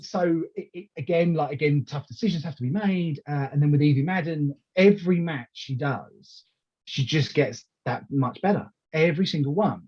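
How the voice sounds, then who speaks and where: A man with a husky, slightly raised voice talks in a casual interview. He tells his stories with animation, stumbling into restarts and acting out what people said. The recording sounds dull and lo-fi. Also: fairly high pitch. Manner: animated storyteller who acts out quoted lines, with many restarts. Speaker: wrestling promoter.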